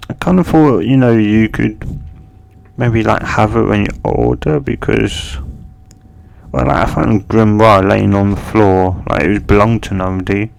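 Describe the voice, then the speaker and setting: Kind, rambling mother figure, read by a man in his own slow gravelly voice. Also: lowish voice. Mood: gentle. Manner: gentle, rambling, filler-heavy. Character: kind, easygoing adult mother.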